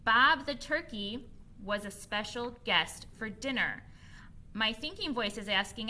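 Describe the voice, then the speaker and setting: A woman teacher modeling a reading lesson for young children on her own camera, expressive and patient, repeating key points slowly. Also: on the high side, slight background noise.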